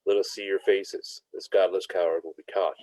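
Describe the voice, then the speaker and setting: A man voicing a stern zealot leader with a rough voice, making a public proclamation. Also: low voice, level tone, moderate pace, a little mellow, no room sound, natural voice, low-quality recording. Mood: commanding. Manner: commanding, proclamatory.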